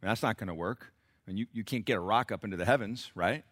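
A middle-aged male pastor preaching a sermon, dropping low and confiding, then rising to loud exclamations as he acts out the people in the text. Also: quick pace.

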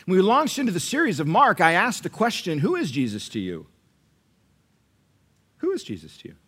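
Male pastor preaching with a lively, swooping delivery and a fairly high voice. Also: moderate pace, breathy edge. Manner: animated, asks the congregation questions. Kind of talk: sermon.

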